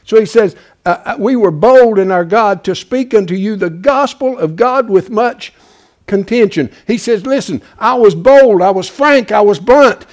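Fiery high-voiced male preacher. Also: moderate pace. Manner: emphatic, swings from loud urging to quiet pleading; repeats "bless God" as a filler. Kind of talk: fiery sermon.

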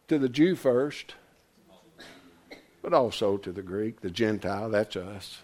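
Lively older preacher. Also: male voice, on the high side, measured pace. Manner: folksy, emphatic preaching with wide swings in loudness. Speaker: pastor. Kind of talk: sermon.

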